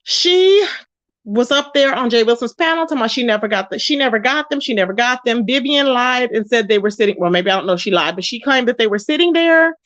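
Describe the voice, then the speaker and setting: A woman hosting an online commentary show, ranting in a sassy, confrontational way with drawn-out emphatic phrases. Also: fairly high pitch, lively intonation, a bit bright, dry recording. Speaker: YouTube commentary host. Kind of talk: casual commentary rant. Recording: dull, lo-fi, dry.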